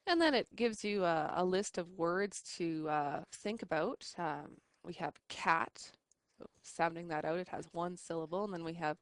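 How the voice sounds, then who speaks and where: In a recorded online lesson, a woman teaches an adult English class, explaining step by step with patience and frequent ums and restarts. Her fairly low, expressive voice moves at a moderate pace with no echo.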